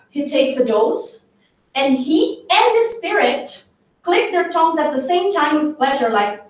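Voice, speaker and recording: A woman giving a workshop talk, retelling a story from a book in an unhurried, conversational way with fillers and self-corrections. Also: sits high. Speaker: workshop speaker. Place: meeting hall. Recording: echoey hall, distant mic.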